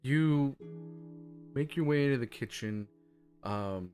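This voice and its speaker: A man's voice: mid-range voice, slow pace, dark tone, faint music behind. A man narrating as game master of a tabletop game, casual and loose, with lots of fillers. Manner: casual, laughing, with many fillers.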